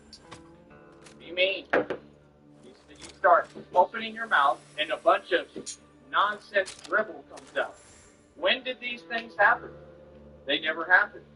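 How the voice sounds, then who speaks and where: A man's voice: high voice, lively intonation, measured pace, long pauses, bright, forceful tone, soft background music, low-quality recording. A man streaming while he delivers a confrontational, boastful rant at an online critic.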